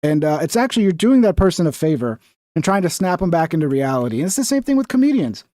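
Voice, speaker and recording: His voice is fairly high, sing-song, and dark in tone, moving at a quick pace with no room sound. Reacting casually to a video, he's profane and blunt, mimicking people he disagrees with in whiny impressions.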